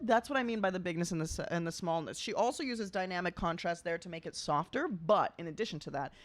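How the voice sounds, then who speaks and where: A woman's voice: lowish voice, fast talker. A woman who is an opera singer and vocal coach talks casually as she reacts to a recording. She has a mezzo voice and sings short phrases here and there to show a technique.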